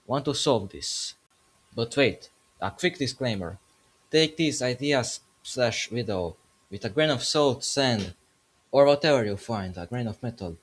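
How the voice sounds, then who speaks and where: A man's voice: mid-range voice, a bit bright. A man making a casual gaming commentary video, joking as he goes and correcting himself mid-sentence.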